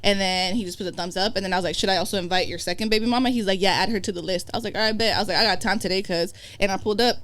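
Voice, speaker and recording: A young woman guest on a podcast, telling a story in casual chat, animated and profane, acting out what others said. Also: medium pitch, rapid-fire, few pauses. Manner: animated, profane, acts out quoted dialogue.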